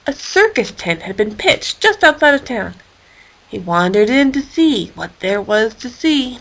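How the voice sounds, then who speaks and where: A woman reading a children's story aloud with a playful, expressive manner. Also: on the high side, unhurried, gravelly, low-quality recording. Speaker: storybook reader.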